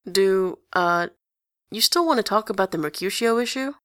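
A woman's voice: mid-range voice, lively intonation, normal speed, dry recording, studio quality, natural voice. A woman voicing a bookish teenage boy who is eager to talk about literature in a storybook reading.

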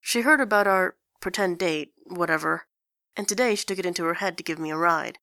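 An earnest, exasperated young man, voiced by a woman reading a story aloud. He speaks with careful, strained patience in a somewhat low, bright voice. The recording is dry and close. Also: brisk, no echo.

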